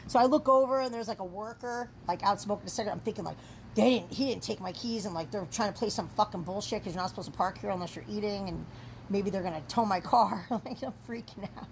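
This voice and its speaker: A young woman, chatty and rambling as she tells a story, swearing freely and getting animated as she goes. Her voice sits at an ordinary middle pitch, with faint noise behind it. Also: quick pace. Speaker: storyteller vlogger. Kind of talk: casual storytime vlog.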